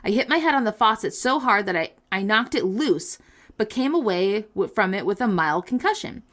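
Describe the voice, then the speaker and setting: A woman's voice: mid-range voice, animated, moderate pace, fairly bright tone. A woman co-hosting a casual podcast, reading listener stories aloud with playful comic asides and frequent laughter.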